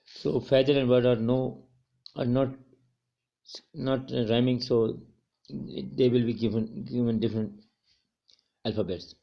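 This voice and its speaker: A man's voice: medium pitch, fairly even intonation, a little slow, creaky, long pauses, lo-fi sound. A male college English teacher giving a recorded poetry lecture to students, often repeating and correcting his words as he explains.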